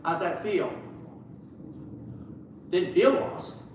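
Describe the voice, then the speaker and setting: Upbeat high-voiced choir director, echoey room. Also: male voice, animated, extremely slow, slight background noise. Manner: upbeat, encouraging, demonstrates by singing. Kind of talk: choir rehearsal coaching. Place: large echoey rehearsal room. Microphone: distant room mic. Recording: echoey room from far off, with piano. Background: piano and choir.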